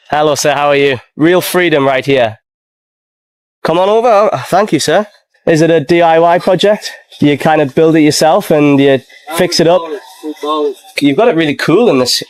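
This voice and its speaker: A man vlogging as a tourist, enthusiastic and impressed. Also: on the high side. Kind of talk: casual vlog chat.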